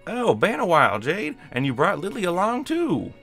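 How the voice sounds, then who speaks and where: A man voicing a calm, formal young woman who leads the way. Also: high-pitched, normal speed, faint music behind, voice pushed up, exaggerated voice. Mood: steady.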